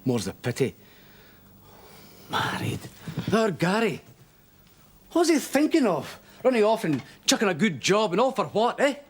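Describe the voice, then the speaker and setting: An actor playing a stern older Scottish father in a TV soap, speaking in a gruff, blunt, scolding way. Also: high voice, very animated, unhurried, pauses often, a little hiss or hum. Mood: exasperated. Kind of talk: TV soap drama.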